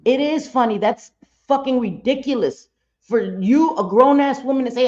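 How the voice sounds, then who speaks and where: A woman's voice: sits high, normal speed, dark tone, dull audio. A woman hosting a live reaction stream, talking bluntly and profanely and getting fired up.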